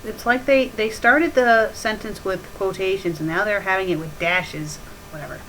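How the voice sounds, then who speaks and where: A woman's voice: mid-range voice, normal speed, hardly any pauses, background noise. A woman hosting a comedic review, reading bad fan fiction aloud and mocking it with sarcastic asides.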